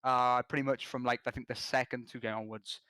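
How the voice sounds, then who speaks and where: A man guesting on a podcast, telling a gaming story in an animated, slangy way with quick restarts. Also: mid-range voice, clear, resonant tone, dry recording. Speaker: podcast guest, competitive gamer.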